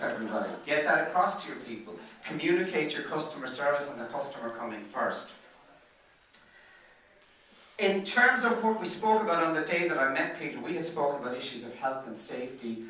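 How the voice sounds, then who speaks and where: Still at the golf club dinner, the Irish speaker rattles off business stories quickly, medium in pitch with a bright, forceful delivery, tripping over repeated words as he chats. The room is very echoey and he sounds far from the microphone.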